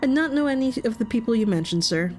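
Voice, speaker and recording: A woman's voice: fairly high pitch, lively intonation, quick pace, a little mellow, lightly acted. Nervous, polite professor, woman voicing, stumbling delivery, faint game music. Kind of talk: game voice acting.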